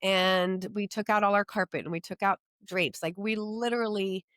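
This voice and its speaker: A middle-aged woman telling her personal story as an interview guest, earnest and emotional, halting at times with restarts. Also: medium pitch, fairly even intonation, fairly bright tone, dry recording, studio quality.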